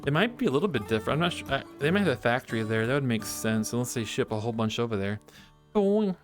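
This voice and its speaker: A man's voice: mid-range voice, very fast, faint music behind. A man chatting playfully with his live-stream chat, joking and drawing as he talks. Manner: playful and goofy, jokes with chat.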